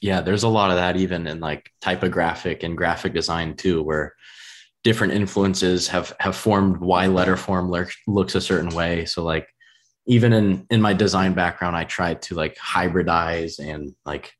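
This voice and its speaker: A deep-voiced man from the American Midwest hosts a relaxed podcast conversation. His talk is laid-back and easygoing, sprinkled with "man" as he muses aloud. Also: normal speed. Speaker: podcast host, designer. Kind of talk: casual podcast chat.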